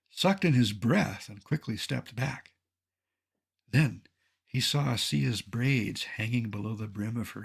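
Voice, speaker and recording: An older man, a mountaineer, narrating a slideshow in a scripted way, with dry, deadpan humor. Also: medium pitch, vocal fry, slightly rough.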